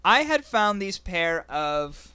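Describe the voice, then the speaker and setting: A man hosting a casual podcast chat, rambling and halting with lots of fillers. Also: sits high, very animated, pushed and bright, smooth. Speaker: podcast host.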